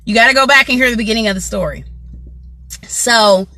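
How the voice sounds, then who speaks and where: Speaking fairly quickly in a bright, forceful voice on the high side, a woman who works as a motivational vlogger tells her viewers a story. Her chat is casual, peppered with "you know what I'm saying" and greetings to people by name.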